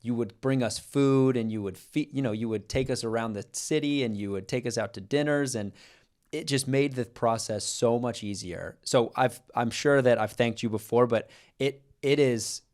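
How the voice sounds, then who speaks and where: A man's voice: mid-range voice, moderate pace, darkish tone. Young man from Kansas, earnest podcast host. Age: young adult. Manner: earnest and reflective, with frequent restarts. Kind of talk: casual podcast chat.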